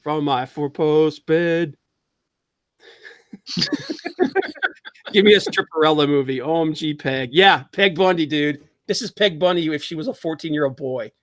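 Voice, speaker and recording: A man hosting a casual livestream talk show, animated and opinionated, reading chat comments aloud. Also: fairly high pitch, a little fast, hardly any pauses, no room sound, studio quality. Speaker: podcast host.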